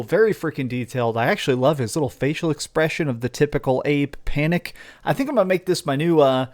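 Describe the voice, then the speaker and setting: Enthusiastic young man reviewing games. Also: fairly high pitch. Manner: enthusiastic, gushing, animated. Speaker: game reviewer and channel host. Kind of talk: excited casual review and unboxing vlog.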